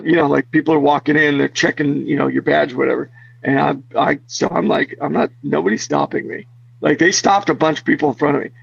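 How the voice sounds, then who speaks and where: A man with a raspy, fry-laced voice chats as an interview guest. He rambles restlessly from one story to the next, full of fillers and false starts. The sound is dry and muffled, with no room around it. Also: on the high side, no room sound. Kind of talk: casual chat.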